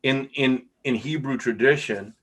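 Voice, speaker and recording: A man's voice: medium pitch, a little slow, fairly bright tone, husky. Enthusiastic middle-aged male podcast host. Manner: enthusiastic, repeats "wow". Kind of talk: casual interview chat.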